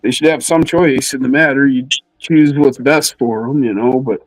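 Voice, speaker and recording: A man chatting casually on a livestream, laid-back and swearing, acting out quotes in a high voice. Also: steady tone, normal speed, no room sound, faint music behind, rough recording. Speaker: co-host.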